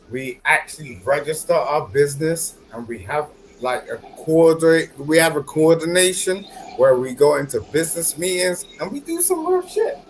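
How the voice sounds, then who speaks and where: A man arguing on a livestream, boastful and profane, often shouting insults at another caller. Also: fairly high pitch, creaky, a little hiss or hum, poor audio. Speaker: livestream guest. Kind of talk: heated livestream argument.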